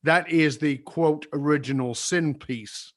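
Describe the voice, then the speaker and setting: Older male guest, earnest, confessional storyteller, softens at the tender moments. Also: measured pace. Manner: earnest, confessional, drops soft and low when recalling apologies. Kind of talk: reflective personal storytelling.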